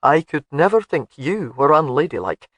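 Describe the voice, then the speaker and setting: A narrator voicing a proud, commanding Highland laird who barks orders at his wife and his men, in a storybook reading. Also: sing-song, moderate pace, no echo. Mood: firm.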